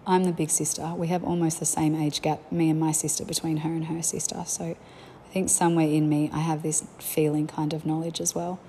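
A woman's voice: low voice, level tone, fairly quick, hardly any pauses, warm tone, a little hiss or hum. A young woman, a mother, telling candid, reflective stories about family life in a chatty way. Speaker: parent sharing family life. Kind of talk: casual storytelling.

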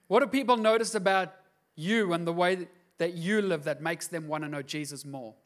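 Male pastor, middle-aged, high-pitched, impassioned preaching that swells to emphatic peaks. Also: normal speed. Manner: passionate, rising to emphatic outbursts. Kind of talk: sermon.

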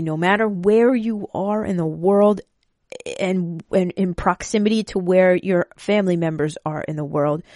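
A woman talks to her listeners in a casual, emotional, personal way, rambling and swearing freely. Her voice is on the low side with a darkish tone. The recording is studio quality with no echo.

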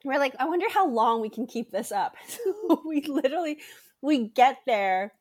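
A young woman co-hosting a casual chat podcast, telling animated stories and acting out quotes with frequent laughter. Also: sits high, moderate pace. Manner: animated storyteller, acts out quotes, laughs often. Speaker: podcast co-host.

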